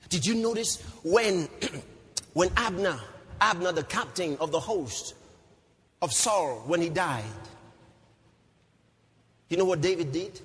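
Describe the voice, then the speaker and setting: A man preaching a sermon as pastor, swinging from low murmurs to shouts and repeating phrases for emphasis. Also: husky. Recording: long hall reverb, faint noise.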